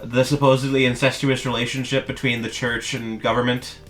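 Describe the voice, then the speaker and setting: A man's voice: mid-range voice, little pitch movement, brisk, fairly bright tone, faint music behind. A man co-hosting a podcast in casual chat over a call, wry and sarcastic. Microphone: video call.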